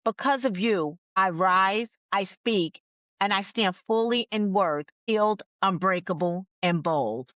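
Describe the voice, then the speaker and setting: Speaking slowly in a fairly bright, mid-range voice, this podcast guest, a speaker and author, reads a letter to her younger self in an earnest, affirming way, then talks in a chatty, candid manner. The audio is dull and lo-fi, with no echo.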